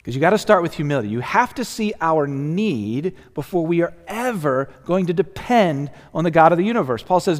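A man preaching a sermon as a pastor, earnest and conversational, often restarting and dropping to a hush. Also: on the high side, lively intonation, fairly quick, hardly any pauses. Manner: earnest, conversational, with many restarts and sudden soft drops. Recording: long hall reverb.

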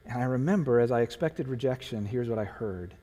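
A male pastor delivers an earnest, emotional sermon. His voice sits at an ordinary pitch for a man and climbs into fervent emphasis. It rings out with the long reverb of a church sanctuary. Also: fairly quick, warm tone.

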